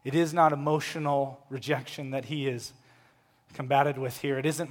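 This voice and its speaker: A man preaching a sermon, swinging between loud, impassioned proclamation and hushed, quiet lines. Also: mid-range voice, steady tone, normal speed. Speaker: pastor. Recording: long hall reverb.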